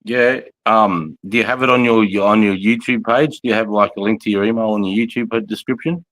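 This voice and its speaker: A man's voice: lowish voice, fairly quick, a bit bright, no echo, poor audio. A man chatting casually on a live stream, crude and full of swearing. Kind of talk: casual chat.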